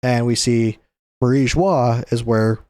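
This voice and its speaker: A young man hosts a casual comic chapter recap in a loose, easygoing way, chuckling as he goes. His voice sits in an ordinary middle pitch. The sound is close and dry. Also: fairly even intonation, slow, a little mellow, dry recording. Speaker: host.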